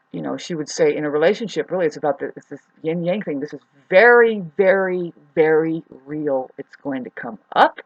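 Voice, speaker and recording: A woman talking in a rambling, frustrated monologue, swearing often, with sudden swings between loud outbursts and quieter muttering. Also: deep voice, no room sound, poor audio. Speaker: astrology vlogger.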